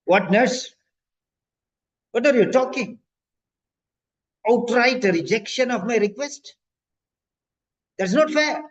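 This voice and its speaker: A man's voice: extremely high pitch, takes it slowly, long pauses, pitched above the performer's own voice. A man voicing an angry, hungry male patient who pleads indignantly to be allowed to eat. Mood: indignant pleading. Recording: dull lo-fi audio.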